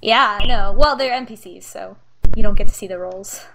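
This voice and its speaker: A woman's voice: medium pitch, normal speed, noisy background. A woman narrating as game master of a tabletop game, laughing often and using many fillers.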